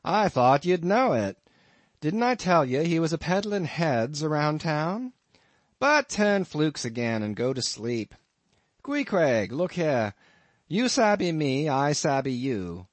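A man's voice: on the high side, big pitch swings, takes it slowly, no echo, pitched above the performer's own voice. A man voicing a grinning, teasing male innkeeper who talks in an amused, reassuring way, as an audiobook character voice.

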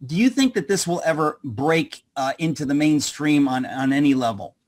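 A man hosts a conversational interview, thinking aloud as he goes. He often restarts his sentences in a halting way. His voice sits a little high for a man. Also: animated. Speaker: host.

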